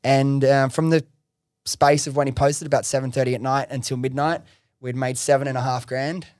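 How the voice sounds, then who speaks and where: Excitable man telling a story, dry mic. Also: mid-range voice, moderate pace, no echo. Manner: excitable, swears freely, heavy use of "like" and "bro". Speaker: podcast host telling his founder story. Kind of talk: casual storytelling interview.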